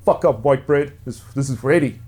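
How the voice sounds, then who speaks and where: A man voicing a gruff, bossy male gang enforcer, who talks in curt, swearing orders. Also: mid-range voice, fairly quick, darkish tone, soft background music, natural voice. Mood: dismissive.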